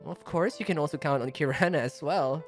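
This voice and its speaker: A man putting on a gentle, formal voice with a put-on accent for a kind teenage girl class president. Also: a little high, fairly quick, soft background music, voice pushed up, natural voice. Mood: welcoming.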